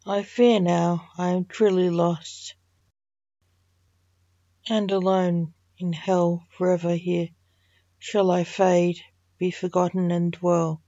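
A woman reads the soul of a woman who fears she is lost forever. She laments in a low, slow voice. The recording is dull and lo-fi. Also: flat delivery, dark tone, dry recording. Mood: fearful. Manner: fearful, lamenting.

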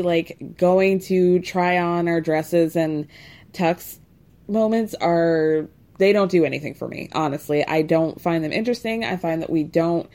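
A woman's voice: on the low side, darkish tone. A woman hosting a podcast, recapping a reality show in a snarky, chatty way with many asides. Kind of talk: casual chat.

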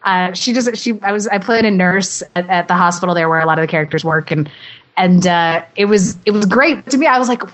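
A woman, a guest actress, chatting cheerfully in an interview and babbling on in a bubbly, self-mocking way. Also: lowish voice. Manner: cheerful, babbling, quick to laugh. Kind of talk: casual interview chat.

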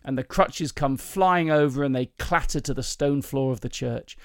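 A man's voice: fairly high pitch, fairly even intonation, normal speed, few pauses, smooth, no echo, clean studio sound. A man hosting a podcast, chatting casually and telling jokes, rambling and laughing often. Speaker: podcast host. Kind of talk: casual chat, joke telling.

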